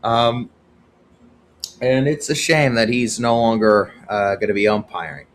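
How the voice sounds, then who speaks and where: A man hosting his own podcast, giving opinionated solo commentary that swings from heated outbursts to hushed, sober stretches. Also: mid-range voice, a little slow, slight background noise. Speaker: podcast host.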